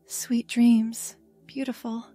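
A woman voicing an affectionate young girlfriend who speaks softly and encouragingly. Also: a little high, moderate pace, dry recording, faint music behind, close to an everyday voice. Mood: tender. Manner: soft, encouraging, tender.

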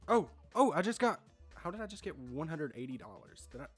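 A man's voice: fairly high pitch, very animated, a little fast, fairly bright tone, slightly rough, soft background music. A young man casually commenting on a video game he is playing, chatty and confused, laughing often. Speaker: gaming video host.

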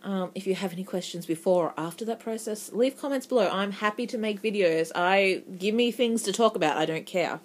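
A woman's voice: mid-range voice, a little fast, few pauses. A young woman with an Australian accent in her twenties, chatting casually in a rambling vlog with lots of ums and a stuffy, runny nose. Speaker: English teacher vlogger.

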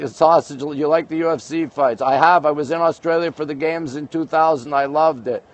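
A man's voice: a little high, steady tone, normal speed, dull audio. A man from Canada hosting a casual livestream outdoors at night, greeting viewers one after another and joking. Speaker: livestream host. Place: outdoors, overlooking a city skyline at night.

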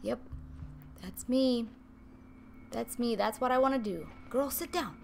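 A young woman giving chatty, excitable let's-play commentary, talking to her viewers and shushing her cats. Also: a little high, measured pace, creaky, soft background music. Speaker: gaming video host. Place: home room with cats nearby.

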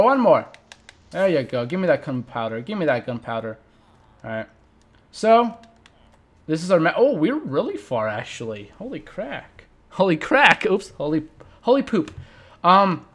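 Young male let's play host, slightly high pitch, excitable and jokey running commentary. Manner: animated, talks to viewers, reacts loudly to the game; playful, jokes and mock eulogies. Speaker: gaming channel host.

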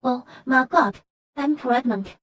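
A young woman acting a soft, sweet heroine in a melodramatic short drama, with a pleading way of talking. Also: high-pitched, takes it slowly, dry recording, full character voice. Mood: shocked.

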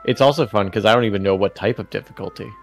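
Easygoing low-voiced male guest. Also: quick pace, gravelly, faint music behind. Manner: easygoing, enthusiastic reactions. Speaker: guest co-host. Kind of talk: casual game stream chat.

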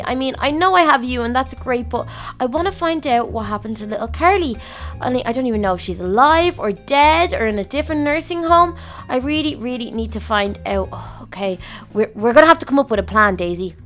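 High-voiced woman in wistful game role-play. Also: a bit bright. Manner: wistful, talks to her pet, sighs often. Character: lonely elderly woman in a nursing home. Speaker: Minecraft role-play player. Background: faint background music.

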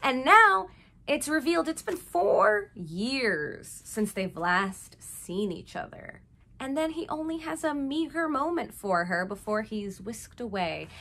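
A woman's voice: mid-range voice, pushed and bright. A woman casually recapping a movie, chatty and full of jokey asides.

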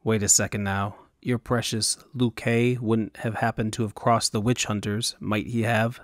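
A man voicing a wary, grumbling male sellsword who mutters his lines low and dry. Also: little pitch movement, a little slow, dry recording, close to an everyday voice.

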